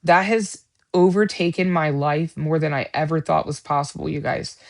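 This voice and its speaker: A woman's voice: low-pitched, moderate pace, vocal fry. A middle-aged woman hosting a livestream Bible study, talking in an earnest, rambling casual chat with many fillers.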